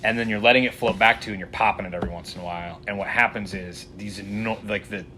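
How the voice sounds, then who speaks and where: A man tells a long fishing story at a relaxed pace, full of fillers and side turns. His voice sits fairly low but sounds bright and forward. Faint noise hums underneath. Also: fast talker. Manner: rambling and lively, with many "like" fillers. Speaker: fly fishing guide and shop owner. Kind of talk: casual storytelling in a podcast interview.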